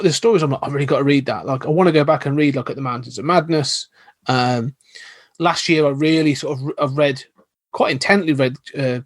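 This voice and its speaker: A man's voice: a little high, no room sound. A man, a podcast guest, telling stories in an enthusiastic, rambling, casual way. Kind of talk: casual chat.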